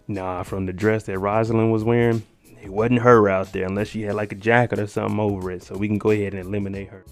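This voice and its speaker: A man with a low voice talks through a TV episode in a loose, slangy way. He stays animated and laughs easily, and faint music sits underneath. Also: fast talker, vocal fry. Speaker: channel host recapping a TV episode. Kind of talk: casual recap commentary.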